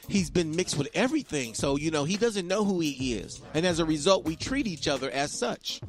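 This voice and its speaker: A man hosting a podcast, talking in an emphatic, repetitive monologue and preaching to his listeners. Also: a little high. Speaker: podcast host. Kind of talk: casual monologue.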